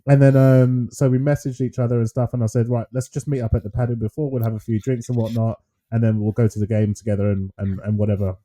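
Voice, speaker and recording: Mellow-voiced man chatting. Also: mid-range voice, little pitch movement, quick pace. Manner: chatty, laughs often, many ums. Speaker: podcast co-host. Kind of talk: casual chat.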